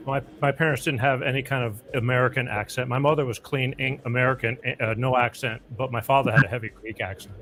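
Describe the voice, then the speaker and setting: A man hosting a talk show, answering briefly and softly while a psychic reads for him. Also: medium pitch, fairly even intonation, fast, hardly any pauses. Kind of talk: casual answers during a reading. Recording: noisy line with clicks.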